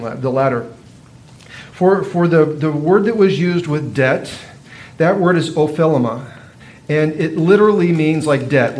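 A pastor with a slightly higher, somewhat mellow voice delivers a sermon. His teaching is loose and conversational, and he often turns to listeners with rhetorical questions.

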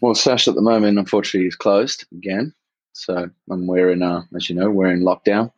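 Australian man with a faint English twang, low voice, rambling guest over a dull call line. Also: steady tone, a little fast, slightly rough, no echo. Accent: Australian with a slight English twang. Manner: laid-back, rambling, many ums. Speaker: guest, club promoter and DJ. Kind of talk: casual interview.

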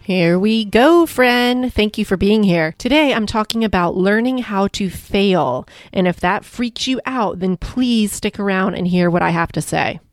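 A woman's voice: medium pitch, unhurried, few pauses, no room sound, studio quality, soft background music. A woman hosting her own podcast as a life coach, telling stories in a chatty, upbeat way. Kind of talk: casual solo podcast monologue.

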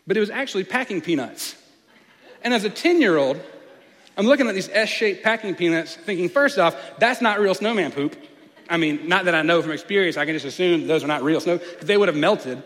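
A man, preaching a sermon as a playful, animated storyteller. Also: high-pitched, fairly quick. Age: late 20s. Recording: long reverb of a large hall.

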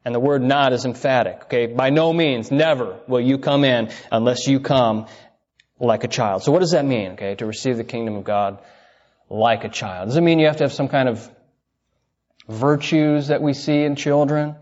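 Man, preacher, sermon, mid-pitched voice, emphatic, repeats key lines, asks questions, muffled recording. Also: moderate pace, a little mellow.

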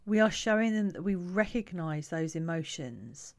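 Calm, lower-pitched woman. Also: normal speed, few pauses. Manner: calm, reflective, conversational. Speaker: parenting coach. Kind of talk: talking to camera.

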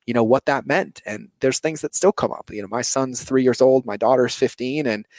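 Speaking at a moderate pace with a medium-pitched, somewhat dark tone and no echo, a man in his thirties reflects on his life. He is an entrepreneur being interviewed as a guest, earnest throughout and fond of "like" and "you know."

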